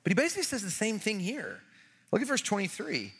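A man's voice: high voice, huge pitch swings, fairly quick, a bit bright, husky, big-room sound. A man preaching a sermon as a pastor, with earnest, urgent, repetitive exhortations to his church.

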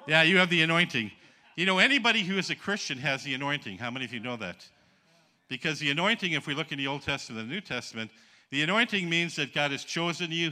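A man from the Upper Peninsula of Michigan preaches with a piercingly bright, forceful tone. He is folksy and joking, spinning stories and coaxing the congregation to answer him. His voice sits a little high for a man. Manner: folksy, jokes with the congregation and calls for responses. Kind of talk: sermon with stories.

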